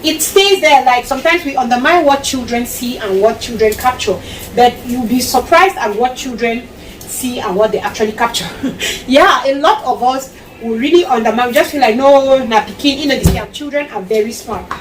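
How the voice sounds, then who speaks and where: A woman's voice: on the high side, moderate pace, echoey room, slight background noise. A Cameroonian woman vlogging casual parenting advice to camera, emphatic and repetitive, slipping into Pidgin phrases. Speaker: mom vlogger. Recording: distant mic with loud background ambience.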